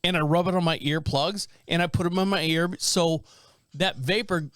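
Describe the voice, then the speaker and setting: A man's voice: fairly high pitch, fairly even intonation, moderate pace, fairly bright tone, clean tone, no echo. A middle-aged man hosting a podcast from a small studio, telling rambling stories in casual chat and laughing often. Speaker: podcast host.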